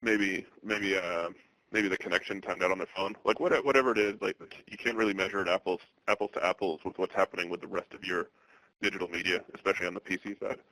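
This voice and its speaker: A thirtysomething man from around Boston runs a webinar, talking fast and flat in a low voice, stumbling over fillers and restarts. The recording is dry and the audio is poor.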